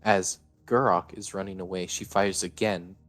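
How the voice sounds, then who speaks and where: A low-voiced man narrates a story live, plain and matter-of-fact, with the odd "uh." His voice is deep and steady. Soft music plays underneath. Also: moderate pace, low-quality recording.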